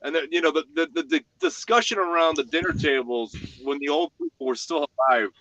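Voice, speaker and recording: A man from the United States chatting on a livestream panel, excitable and often repeating himself. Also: on the high side, a little fast, gravelly, no echo, muffled recording. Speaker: panel member. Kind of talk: casual chat on a livestream panel.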